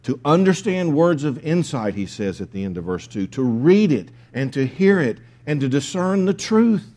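Male pastor, sermon delivery, lively intonation, mellow tone, emphatic and repetitive. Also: on the high side, normal speed. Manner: emphatic, repeats key phrases.

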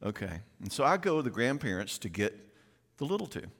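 Middle-aged man, folksy conference speaker, lively pitch, reverberant hall. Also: fairly quick, gravelly. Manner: animated and folksy, acts out quoted voices. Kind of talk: conference talk. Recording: long reverb of a large hall.

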